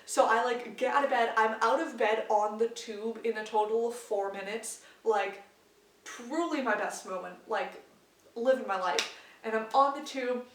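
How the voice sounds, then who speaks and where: A young woman vlogger telling a story in a casual, excited way, full of "like" fillers. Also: fairly high pitch, brisk. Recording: roomy sound from a distance.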